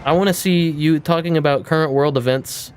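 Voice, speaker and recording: A young man streaming a game, talking casually and excitedly, swearing freely. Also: fairly high pitch, fairly quick, soft background music. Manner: baby-talk to his cat. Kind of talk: casual live-stream commentary.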